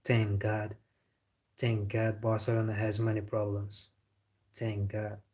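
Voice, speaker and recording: Male football streamer, low voice, flat delivery, casual opinionated chat with viewers. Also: slow. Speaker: football live stream host.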